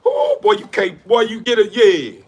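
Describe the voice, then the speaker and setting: A man with a high-pitched voice rambles through a preachy motivational monologue. He loops back on his phrases and talks in street slang. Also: wildly swooping pitch, normal speed, darkish tone, slightly rough. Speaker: dog breeder talking to camera.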